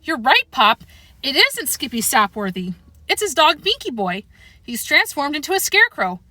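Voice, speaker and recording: A woman's voice: high voice, sing-song, normal speed, pushed and bright, no echo, pitched above the performer's own voice, exaggerated voice. A woman voicing an eager, naive male puppy in an audiobook reading, earnest and hesitant.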